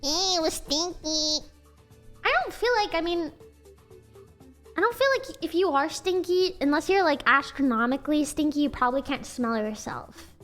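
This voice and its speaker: High-voiced giggly American woman streamer. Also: moderate pace, fairly bright tone, faint music behind. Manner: giggly, rambling with lots of "like" fillers. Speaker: livestreamer. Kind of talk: casual livestream chat.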